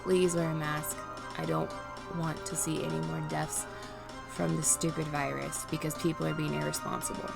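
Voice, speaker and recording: A woman vlogging unscripted while grieving, near tears, pleading and halting with restarts. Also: sits low, little pitch movement, creaky, loud music behind the voice. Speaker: streamer and vlogger. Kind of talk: unscripted emotional vlog.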